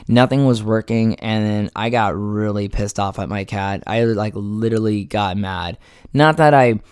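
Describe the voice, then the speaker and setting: A man's voice: fairly low pitch, normal speed, darkish tone, smooth. A man talking straight to the camera in a casual, rambling vlog monologue, full of fillers, restarts and swearing, laughing at himself. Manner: self-mocking, laughs at his own story. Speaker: vlogger.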